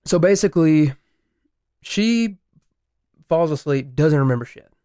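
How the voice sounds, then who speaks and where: A young man co-hosting a podcast, retelling a story in casual chat, animated, swearing and laughing. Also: on the high side, a little slow, smooth, no room sound, clean studio sound. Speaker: podcast co-host.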